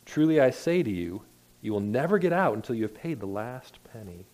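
A man's voice: medium pitch, very animated, brisk, darkish tone. A man preaching a sermon in an earnest, conversational way, often restarting his words. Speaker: pastor.

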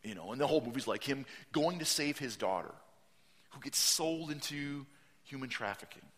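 A pastor preaches a sermon, telling stories animatedly, acting out quotes, and raising his voice to a shout for emphasis. He speaks at medium pitch and a moderate pace with lively intonation.

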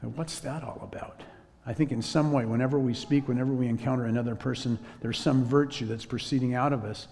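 A man preaching a sermon as a story, in a relaxed conversational way. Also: medium pitch, brisk, big-room sound, a little hiss or hum. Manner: conversational, drops to a whisper when quoting himself.

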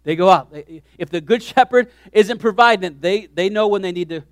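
A man preaching a sermon as pastor, animated, swinging from hushed asides to shouted lines. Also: high voice, brisk, dry recording, studio quality.

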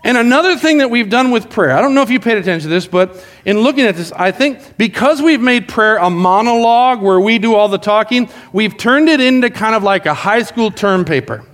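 Animated high-voiced man preaching. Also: a little fast, few pauses. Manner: animated storytelling, acts out prayers. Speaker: pastor. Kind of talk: sermon.

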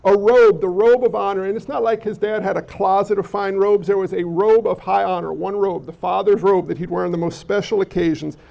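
A man's voice: high-pitched, steady tone, brisk, creaky, hardly any pauses, warm tone, muffled recording. A man preaching a sermon with allergy congestion, talking conversationally and asking the congregation questions. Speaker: pastor.

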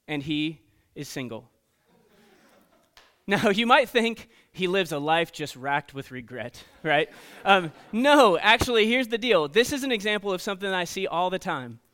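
A man preaching to teenagers as a youth pastor, telling stories in an animated way and checking in often with "okay?" and "right?". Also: on the high side. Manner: storytelling, animated, frequent "okay?" and "right?" asides. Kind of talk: sermon to teenagers.

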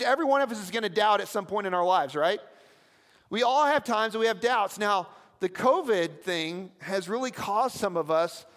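High-voiced pastor preaching in a hall. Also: male voice, fairly bright tone. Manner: storytelling, conversational with audience asides. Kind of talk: sermon. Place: church.

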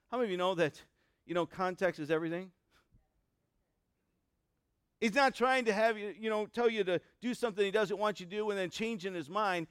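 A man's voice: high-pitched, fast, fairly bright tone, clear, resonant tone, no room sound, clean studio sound. A middle-aged man preaching a conversational sermon, asking the congregation questions with many fillers and restarts. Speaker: pastor. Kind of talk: sermon with a told joke.

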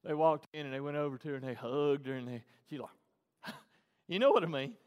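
A high-voiced male pastor preaches a sermon to his congregation, shifting between soft, hushed lines and loud, fervent bursts. His tone is clear and resonant, his pace a little fast, and a long church-hall reverb trails the sound.

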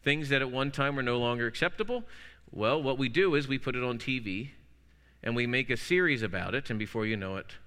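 A man's voice: medium pitch, fairly quick, sharp tone, smooth. A man preaching a sermon as pastor, telling classroom anecdotes with playful wordplay. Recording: long hall reverb.

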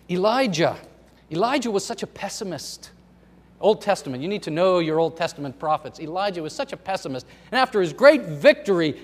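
Pastor's sermon in a reverberant hall. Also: male voice, on the high side, a little fast. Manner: storytelling, swings from loud emphasis to soft asides.

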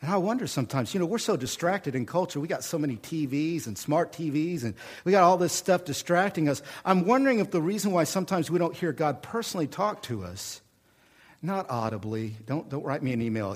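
Here the same kind of folksy, animated preaching comes from a middle-aged Oklahoma pastor speaking with an Oklahoma accent, full of humor and repetition. He talks fairly quickly, in a fairly high male voice.

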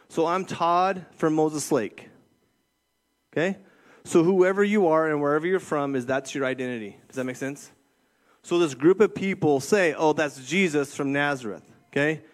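A middle-aged man serving as youth ministry director delivers a casual sermon, his voice on the high side and his pace moderate. He keeps checking in with listeners, tossing in "okay?" and "right?" again and again.

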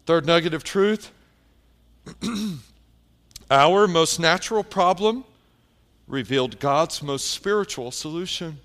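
High-voiced pastor telling a story. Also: male voice. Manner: animated storyteller, drops to hushed tones for emphasis. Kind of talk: sermon with storytelling.

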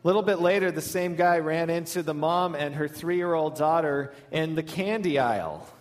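A male lead pastor giving a sermon, telling a funny story in a warm, storytelling manner. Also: on the high side, normal speed.

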